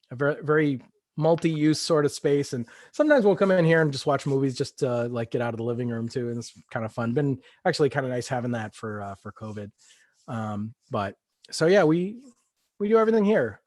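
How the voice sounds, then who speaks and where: A man's voice: on the high side, a little mellow, no echo. A man, a guest author, reading his own fiction aloud and then chatting in a casual, self-deprecating way from his home studio.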